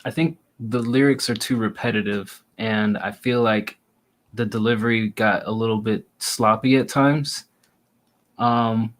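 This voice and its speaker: A man's voice: fairly low pitch, a bit bright. A man hosting a casual music review show, giving blunt, crude, teasing critiques. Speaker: host reviewing listener songs.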